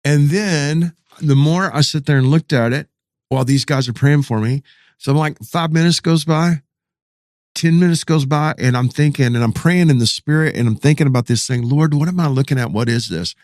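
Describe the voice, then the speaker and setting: A man's voice: fairly high pitch, moderate pace, a little mellow, no echo, studio quality. A middle-aged man, a pastor, telling a story in casual, slangy podcast talk.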